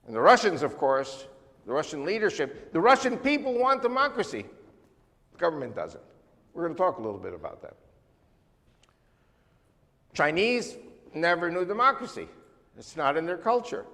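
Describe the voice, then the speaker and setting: A man's voice: fairly high pitch, moderate pace, pauses often, in a large hall. Older man lecturing in a church. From United States. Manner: emphatic, animated lecturing with sweeping lists. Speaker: guest speaker. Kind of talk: church talk on world politics.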